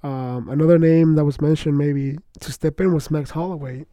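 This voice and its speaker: Young male podcast host, casual rambling fan chatter, slightly raised pitch, very dark timbre. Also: normal speed, dry recording. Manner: excited rambling slangy chatter, lots of "bro" and "like". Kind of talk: casual solo podcast talk.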